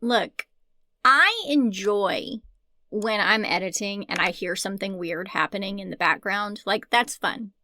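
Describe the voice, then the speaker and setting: A woman's voice: medium pitch, measured pace, bright, forceful tone, no room sound. A woman co-hosting a casual book podcast, chatty and joking, laughing often and swearing now and then. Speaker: podcast co-host.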